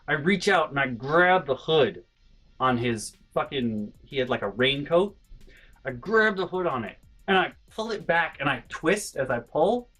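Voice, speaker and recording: Animated man telling a personal story. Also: on the high side, husky, rough recording. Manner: animated, swings between hushed and loud, swears freely. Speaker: vlogger. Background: faint background music.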